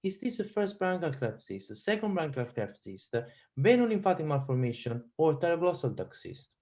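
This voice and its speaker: A man's voice: on the high side, big pitch swings, normal speed, a little mellow. A man with an Italian accent giving an online teaching lecture on a video call, quizzing the audience and often restarting his sentences. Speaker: radiology lecturer.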